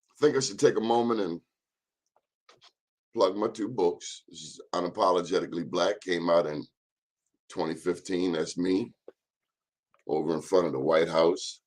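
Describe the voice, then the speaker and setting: A man hosting a casual live-stream monologue, chatting and speaking straight to his viewers. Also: low-pitched. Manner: chatty, addresses viewers directly, drawn-out phrases. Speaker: host.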